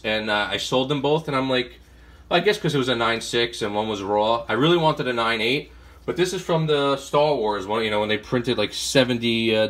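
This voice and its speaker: A chatty man rambles through a casual comic-haul vlog at a middle pitch. He wanders from story to story, leaning on fillers, and acts out what he said to sellers. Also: a bit bright. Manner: rambling storyteller, acts out his own quotes. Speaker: comic collector vlogger.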